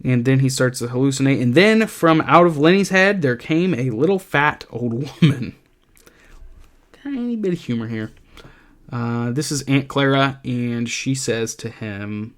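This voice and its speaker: A man teaching a literature lesson in a thoughtful, conversational way, pausing with ums as he reads aloud passages from a novel. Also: medium pitch.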